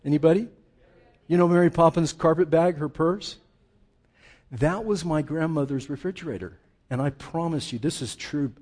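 Male pastor preaching, slightly high voice, jokey storyteller, swings loud and soft. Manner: animated, humorous storytelling, dramatic slowdowns. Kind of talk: sermon.

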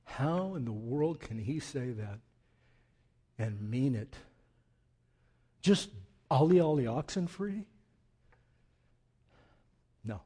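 A male pastor delivering an impassioned sermon, swinging from hushed reflection to loud, pleading emphasis with repeated words. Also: mid-range voice, lively intonation, slow pace, long pauses, slightly rough.

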